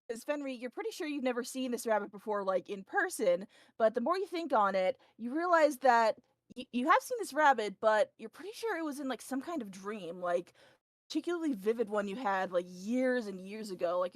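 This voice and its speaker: Casual woman game master narrating a tabletop session, rambling, fillers, slightly high, dry. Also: lively intonation, fairly quick, dry recording.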